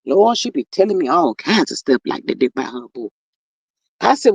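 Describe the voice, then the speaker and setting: Sassy livestream gossip host, mid pitch, dry close mic. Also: moderate pace, vocal fry, husky, no echo. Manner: sassy, animated, often says "child". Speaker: livestream host reading chat.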